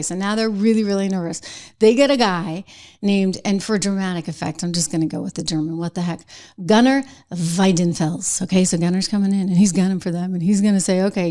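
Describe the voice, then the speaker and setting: Woman host, middle-aged, casual commentary to camera, sarcastic, animated, laughs often, close mic. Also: on the high side. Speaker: host of an online news commentary show. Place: home studio. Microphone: close mic facing a camera.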